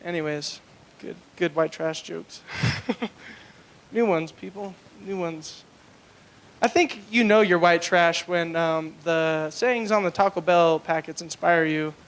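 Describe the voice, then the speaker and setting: A young man works through a crude stand-up set on a club stage, his voice pitched high. He rambles and leans hard on filler words between punchlines. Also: slow, fairly bright tone, clean tone. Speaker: stand-up comedian. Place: comedy club stage, live.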